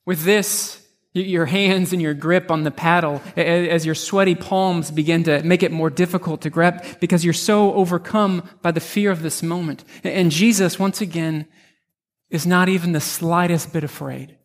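A male pastor with a notably high voice preaches a narrative sermon, retelling a scene vividly in the second person. He talks with frequent restarts and repeated words. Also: steady tone, normal speed.

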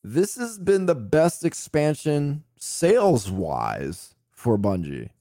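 A man's voice: a little high, huge pitch swings, takes it slowly, dark tone, no echo, studio quality. A man co-hosting a gaming podcast, chatting casually and animatedly. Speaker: podcast co-host. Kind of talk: casual chat.

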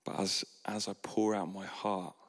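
A man preaching a sermon as a pastor, earnest and soft-spoken with sudden emphatic rises. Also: deep voice, level tone, unhurried. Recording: long hall reverb.

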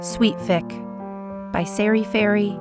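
A woman narrating a fan fiction story in an even, measured reading. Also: medium pitch, loud music behind the voice.

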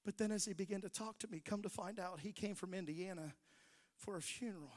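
A middle-aged man preaching a sermon, telling stories that build into shouted preaching. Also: sits high, fairly quick, in a large hall. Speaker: pastor.

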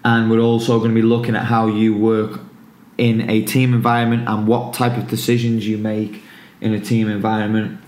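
A man's voice: fairly low pitch, monotone, normal speed, darkish tone, roomy sound. A man hosting a casual football podcast, laid-back as he plugs his coaching camps.

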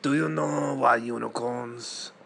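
A man talks slowly and deadpan, with a gravelly rasp. He strings together rambling, absurd rhetorical questions in a comic monologue. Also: medium pitch. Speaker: comedian.

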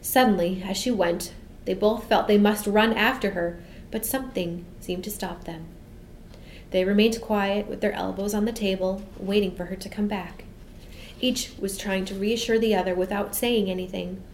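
A woman narrating a children's storybook aloud in a measured, expressive reading voice. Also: medium pitch, a little hiss or hum, poor audio. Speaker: audiobook narrator.

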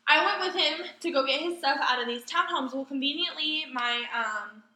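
A woman co-hosting a podcast, telling a story in casual chat with heavy swearing. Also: high voice. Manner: heavy swearing, fast and animated. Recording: echoey room.

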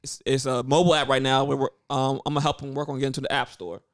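A man co-hosting a casual podcast chat, laid-back, giving shout-outs with plenty of fillers. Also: medium pitch, level tone, rapid-fire. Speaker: podcast co-host.

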